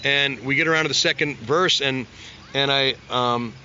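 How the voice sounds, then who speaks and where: A man's voice: mid-range voice, moderate pace, pushed and bright, lo-fi sound, a little hiss or hum. Rambling man telling studio stories. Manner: rambling, self-interrupting, acts out quotes in a raised voice. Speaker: musician guest. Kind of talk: casual storytelling interview.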